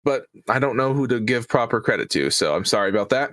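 A man's voice: mid-range voice, lively intonation, fast, few pauses, fairly bright tone. A man hosting a casual podcast, rambling a bit with lots of fillers and restarts. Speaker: podcast host. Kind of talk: casual chat.

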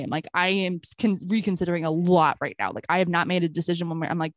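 A woman's voice: on the low side, fast talker, hardly any pauses, no echo. A woman co-hosting a podcast, telling a story in casual chat and acting out the back-and-forth of a conversation. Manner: animated storytelling, acting out quoted exchanges with frequent "I'm like". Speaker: podcast co-host.

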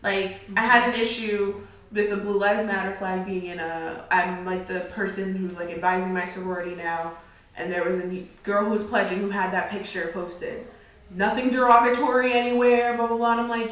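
A woman's voice: medium pitch, level tone, normal speed, fairly bright tone, recorded from a distance. A woman co-hosting a podcast, giving an earnest, thoughtful opinion in casual chat. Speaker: podcast co-host. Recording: very echoey room, off mic.

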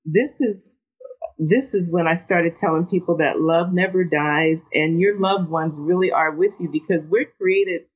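A woman's voice: on the low side, unhurried, breathy edge, low-quality recording. A middle-aged woman, a podcast guest, earnestly recounting a personal story and repeating words as she goes.

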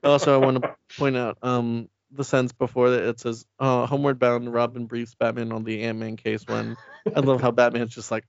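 A man's voice: medium pitch, little pitch movement, a little fast, creaky, no echo, lo-fi sound. A man co-hosting a podcast, jumping in playfully with jokes about a comic. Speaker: podcast co-host. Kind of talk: casual comic book chat.

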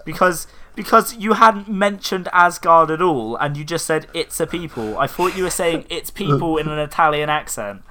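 A man's voice: on the high side, normal speed, few pauses, sharp tone. A man co-hosting a podcast, bantering and teasing his co-host in casual chat.

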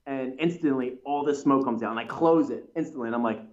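A man's voice: mid-range voice, quick pace, dull audio. A man, a pro wrestler, telling stories in a casual interview with lots of fillers and restarts. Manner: rambling storyteller, many fillers and restarts. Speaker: pro wrestler, tag team champion.

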